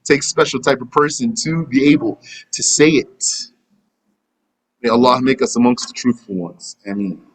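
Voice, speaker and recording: Speaking at a normal speed in a mid-range voice, a man teaches a live religious class, fielding questions and dramatizing back-and-forth conversations in a chatty style. He is an Islamic teacher, and the recording is rough.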